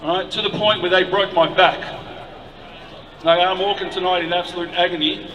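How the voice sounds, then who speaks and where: A man's voice: high-pitched, fairly even intonation, a little fast, bright, forceful tone. Indignant man addressing a protest. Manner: emotional, indignant. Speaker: protest speaker. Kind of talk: impassioned outdoor speech to a crowd. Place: city street at night, outdoors. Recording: echoey, distant street recording with noise.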